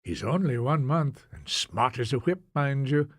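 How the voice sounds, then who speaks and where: A man voicing a young Scottish mother, earnest and hurried, with a soft, eager delivery in a Scottish accent. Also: mid-range voice, big pitch swings, dry recording, clean studio sound. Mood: proud.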